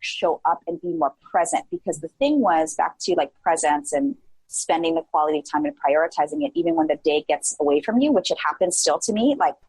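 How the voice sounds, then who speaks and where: A woman in her forties, a podcast guest, talking in a casual and animated way with lots of "like" fillers, often acting out her own past thoughts. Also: low voice, a little fast, breathy edge, no room sound, rough recording. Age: 40s. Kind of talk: casual interview chat.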